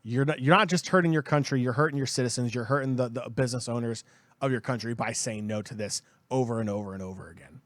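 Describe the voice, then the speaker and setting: A man's voice: mid-range voice, fast, fairly bright tone, no echo. A man co-hosting a gaming podcast, ranting heatedly and emphatically and hammering points home through repetition. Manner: heated, emphatic, repeats himself. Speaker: podcast co-host. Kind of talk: opinionated podcast rant.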